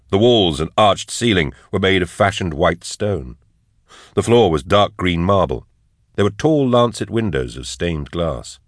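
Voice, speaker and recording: A man reading an audiobook in an even, measured way. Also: sits low, no room sound, clean studio sound. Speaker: audiobook narrator. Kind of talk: scripted audiobook narration.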